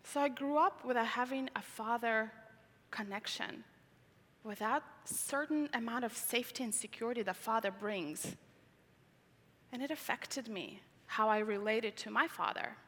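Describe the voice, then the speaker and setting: A woman's voice: on the high side, moderate pace, a bit bright. A woman from Tajikistan, speaking English as a second language, telling a personal testimony in an earnest storytelling way, repeating words for emphasis. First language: not English. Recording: reverberant large hall.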